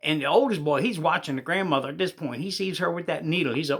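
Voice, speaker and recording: A man's voice: sits high, animated, fairly quick, hardly any pauses, sharp tone. A man telling a long joke as a folksy, rambling story, using loose colloquial grammar. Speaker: joke teller.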